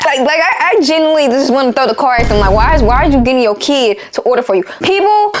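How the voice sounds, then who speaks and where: A young woman telling casual storytime rants about old jobs, animated and exasperated, full of slang. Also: a little high. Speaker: vlogger.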